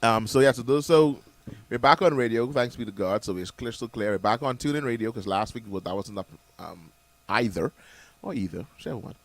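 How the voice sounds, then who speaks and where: Gravelly man hosting morning radio. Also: mid-range voice, lively intonation, a little fast. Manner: playful, laughs often, rambling restarts. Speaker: radio show co-host. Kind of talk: casual morning radio chat. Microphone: studio microphone.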